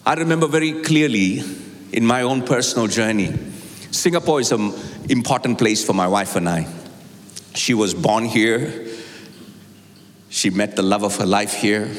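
A man preaching a sermon, telling a personal story and moving from quiet, confiding passages to high, impassioned climbs. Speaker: pastor. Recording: long hall reverb.

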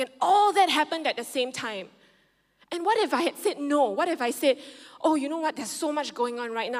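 A woman pastor preaching a sermon, telling a personal story and quoting others in changing tones. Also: high-pitched. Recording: long reverb of a large hall.

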